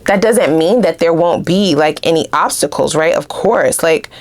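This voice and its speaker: A woman giving a casual tarot reading to her viewers, animated and blunt, swearing freely and laughing often. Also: low-pitched, normal speed. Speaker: tarot reader.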